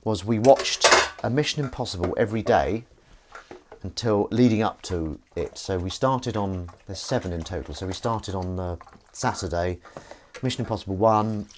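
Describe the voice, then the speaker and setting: Washing up in his home kitchen, a Northern English livestream host chats casually and reads out viewer comments with a playful touch. He has a deep voice at normal speed, and there's a little hiss or hum in the audio.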